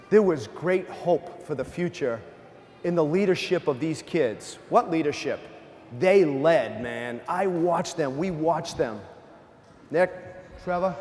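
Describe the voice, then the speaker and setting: A man's voice: high-pitched, long reverb tail, a little hiss or hum. A man who is a parish priest, giving a conversational, humorous sermon and often checking in with the congregation. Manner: conversational, asks the congregation questions; animated storyteller with humor. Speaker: pastor. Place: church.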